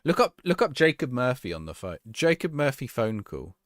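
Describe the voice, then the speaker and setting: A man's voice: mid-range voice, sing-song, moderate pace, no echo, studio quality. A man streaming a football management game, chatting casually and answering viewers' questions as he plays. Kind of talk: live-stream gameplay chat.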